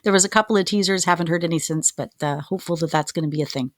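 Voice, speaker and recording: A woman's voice: fairly low pitch, very fast, no echo, clean studio sound. A woman co-hosting a podcast in casual chat, speaking earnestly and reflectively, with many fillers. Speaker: podcast co-host.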